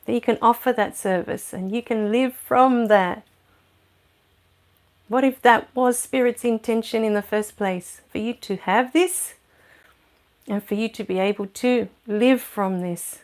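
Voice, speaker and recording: A middle-aged woman with an Australian accent, hosting a spiritual livestream. She chats and laughs with her viewers, then slows into a soothing guided meditation, speaking into a computer microphone at home. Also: on the high side. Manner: slow soothing meditation guidance. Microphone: new USB microphone at a computer.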